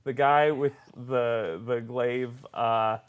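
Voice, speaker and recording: A man runs a tabletop game in a loose, unhurried voice. He narrates the scene with frequent fillers and restarts. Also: mid-range voice, clear, resonant tone. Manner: relaxed, hesitant, many fillers. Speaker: game master.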